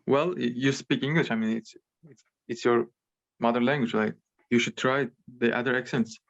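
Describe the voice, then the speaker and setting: A man in his twenties from Turkey with a Turkish accent, a podcast guest talking casually in a halting way full of fillers. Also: mid-range voice, steady tone, creaky. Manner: hesitant, halting with many fillers. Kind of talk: casual chat. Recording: muffled lo-fi call audio.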